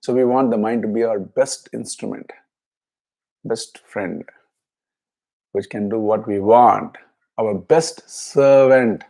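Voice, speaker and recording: Slow-speaking man teaching scripture. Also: lowish voice, vocal fry, dark tone. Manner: slow, deliberate explaining, chants verses twice. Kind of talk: scripture class lecture.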